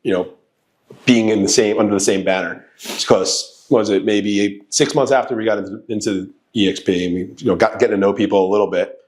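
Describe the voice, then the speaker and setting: A man co-hosting a podcast, telling a story in quick, loose, casual chat. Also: lowish voice, fairly even intonation. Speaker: podcast co-host, real estate agent.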